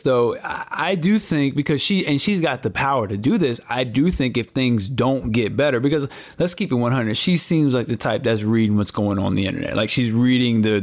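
Animated man talking wrestling. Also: mid-range voice. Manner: animated, repeats words when excited, slangy. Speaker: wrestling podcast panelist. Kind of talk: casual wrestling discussion.

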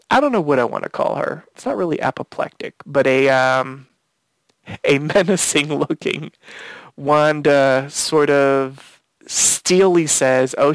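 A man's voice: medium pitch, fairly bright tone, clean tone, dry recording. A man co-hosting a casual podcast, recapping a TV episode scene by scene and retelling the dialogue with quotes. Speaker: podcast co-host.

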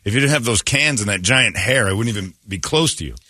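A man's voice: fairly low pitch, animated, bright, forceful tone, dry recording, studio quality. A man hosting a morning radio show, trading crude jokes and laughing often in casual banter. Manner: crude, joking, quick to laugh.

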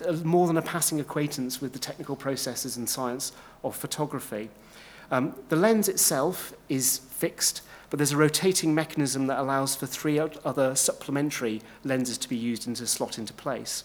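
A man giving an illustrated history lecture in a measured way, with frequent ums and small restarts. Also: medium pitch.

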